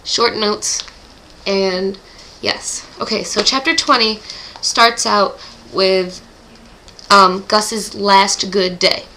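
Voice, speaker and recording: A woman's voice: medium pitch, fairly even intonation, extremely slow, long pauses, sharp tone, a little hiss or hum, low-quality recording. A teenage girl recapping book chapters in a casual vlog, gushing and emotional, with groaning sighs. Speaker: book club vlogger.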